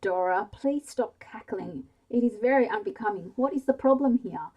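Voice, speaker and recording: A woman's voice: medium pitch, animated, normal speed, warm tone, lo-fi sound, lightly acted. Woman doing a coaxing, motherly middle-aged mum. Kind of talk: whispered role-play.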